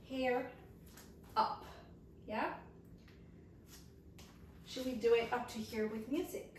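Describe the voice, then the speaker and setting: A woman's voice: on the high side, steady tone, slow pace, long pauses, a little hiss or hum. A woman teaching a belly dance choreography, counting beats aloud and checking in with the class. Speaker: dance instructor. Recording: echoey room, voice from far off the mic.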